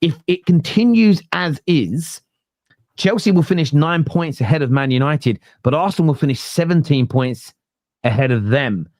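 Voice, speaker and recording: A man's voice: on the high side, normal speed, no room sound, studio quality. A man, hosting a casual football debate podcast, blunt and talking through stats. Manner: blunt, animated, quotes stats.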